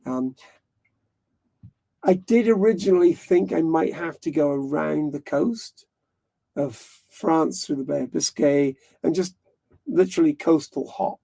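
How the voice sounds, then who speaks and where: Gravelly man chatting on a live stream. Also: on the high side, unhurried, mellow. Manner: rambling, frank, swears casually. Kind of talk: casual live-stream chat.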